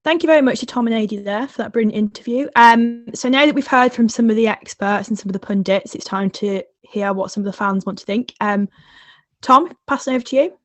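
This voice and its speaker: A woman's voice: on the high side, fairly quick, no room sound. Woman co-host handing over segments. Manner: linking segments, scripted handover.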